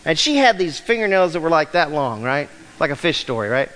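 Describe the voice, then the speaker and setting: Male pastor, 50s, high voice, emphatic preacher asking the room questions; long hall echo. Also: big pitch swings, brisk, a bit bright. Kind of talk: sermon. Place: church sanctuary. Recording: long reverb of a large hall.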